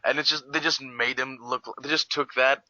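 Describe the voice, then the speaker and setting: Bright-voiced rambling man. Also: mid-range voice, steady tone, normal speed, dry recording. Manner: rambling, heavy on filler words. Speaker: co-host. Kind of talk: casual review discussion. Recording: dull lo-fi home recording.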